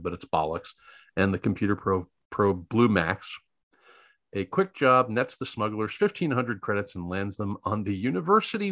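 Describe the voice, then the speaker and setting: A laid-back man with a low voice reads a plot summary aloud during a casual chat, tripping over odd names. The sound is dry and close. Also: a bit bright, no room sound. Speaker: podcast co-host.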